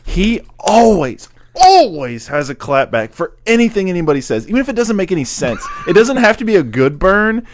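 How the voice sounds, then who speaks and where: A man co-hosting a comedy podcast, retelling movie scenes in a lively, animated way. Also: sits high, moderate pace, hardly any pauses, dry recording. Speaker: podcast co-host. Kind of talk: casual comedy podcast chat.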